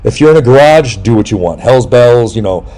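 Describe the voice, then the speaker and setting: A man in casual chat, telling stories in a rambling, animated way, breaking into high voices to mimic people and swearing freely. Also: brisk.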